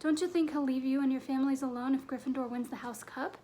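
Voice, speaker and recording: A determined young boy wizard , played by a woman reading, talks with urgent intensity. The voice sits high and presses forward. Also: steady tone, quick pace, warm tone, slight background noise, natural voice. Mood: fierce.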